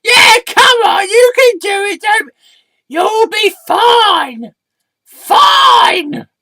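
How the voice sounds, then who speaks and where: A man voicing a brash, crude red sock puppet that shouts in a shrill voice. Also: animated, extremely slow, dry recording, full character voice. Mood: pushy, shouting.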